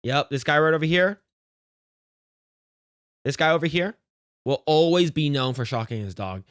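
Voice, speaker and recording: A man's voice: on the high side, normal speed, fairly bright tone, clean tone, dry recording, studio quality. A man streaming casual reaction commentary, ranting bluntly and profanely with frequent restarts.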